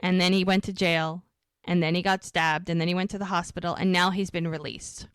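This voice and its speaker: A woman's voice: lowish voice, flat delivery, a little fast, clear, resonant tone, no room sound, studio quality. A woman hosting a rewatch podcast, casually recapping a TV episode scene by scene with lots of "like" and "she goes.". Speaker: podcast co-host.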